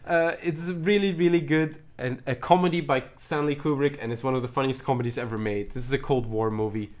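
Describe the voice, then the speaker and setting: A man's voice: mid-range voice, fairly even intonation, fairly quick. Chatty enthusiastic man streaming at home. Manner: enthusiastic, repeats praise, chatty with restarts. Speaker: streamer showing his movie collection. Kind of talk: casual stream chat.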